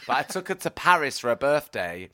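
Bright, chatty man. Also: mid-range voice, big pitch swings, brisk. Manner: chatty storytelling, self-deprecating. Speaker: podcast host. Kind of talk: casual chat.

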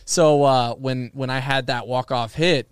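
A man's voice: mid-range voice, steady tone, unhurried, smooth, dry recording, studio quality. A man who plays professional baseball, chatting casually in an interview with lots of fillers and restarts. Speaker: professional baseball player as guest.

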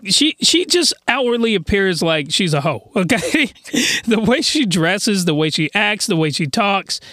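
A man's voice: high voice, sharp tone, no room sound, clean studio sound. A young man chatting enthusiastically through an anime review, laughing and restarting his sentences. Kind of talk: casual review chat.

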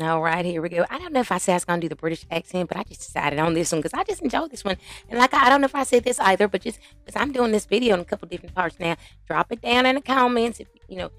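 A woman's voice: mid-range voice, no echo. Chatty woman host over faint music. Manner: chatty, drawn-out hums and asides. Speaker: channel host. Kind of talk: casual commentary reading social media comments.

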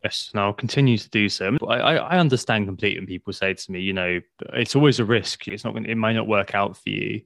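Chatty podcast host, low voice. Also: male voice, fast, vocal fry, hardly any pauses, fairly bright tone, no echo, studio quality. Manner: chatty, jokey, emphatic. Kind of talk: casual podcast chat.

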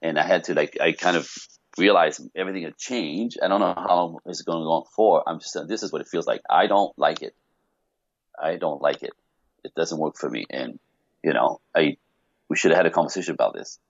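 Low-voiced man telling a story. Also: fast talker, muffled recording. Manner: animated, full of restarts and rhetorical questions. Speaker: podcast guest. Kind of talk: personal storytelling.

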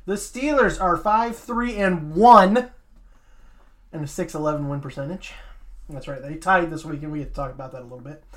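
A man co-hosting a casual sports talk show, reading through league standings with quick asides. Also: on the high side. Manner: reads standings in a steady list, adds quick asides. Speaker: sports podcast co-host.

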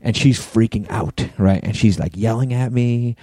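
Low, mellow man telling a story. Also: moderate pace, no room sound. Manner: profane, animated storyteller acting out both sides of a quarrel. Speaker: podcast co-host. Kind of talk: casual storytelling chat.

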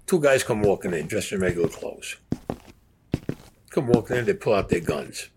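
A man's voice: lowish voice, lively intonation, normal speed, background noise. An older man telling his own crime story in an interview, in blunt, profane street talk. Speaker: former mobster interviewee.

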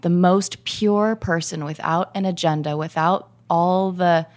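A woman in a heartfelt casual conversation, speaking in a searching way with many pauses and fillers. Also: on the low side, fairly even intonation, a little mellow.

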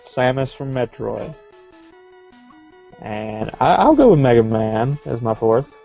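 A man co-hosting a podcast, chatting in an unhurried, dry manner. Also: medium pitch, very animated, vocal fry, warm tone, dull audio, faint music behind. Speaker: podcast co-host. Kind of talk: casual chat.

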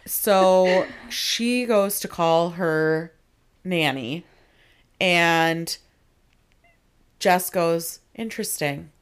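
A young woman chats through a TV episode on a podcast, retelling scenes as quick quoted asides. Her voice sits a little low, and she laughs easily as she talks. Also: clear, resonant tone. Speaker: podcast co-host. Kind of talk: casual chat recapping a TV episode.

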